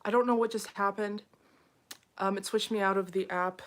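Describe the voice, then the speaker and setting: A woman's voice: mid-range voice, fairly even intonation, normal speed. Chatty, frazzled young woman livestreaming. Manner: chatty, frazzled, uses many fillers. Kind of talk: casual live stream chat.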